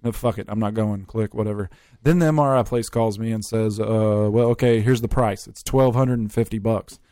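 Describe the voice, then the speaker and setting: A man's voice: lowish voice, normal speed, warm tone, no room sound, studio quality. A man hosting a podcast in casual chat, telling stories animatedly and swearing freely. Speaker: podcast host.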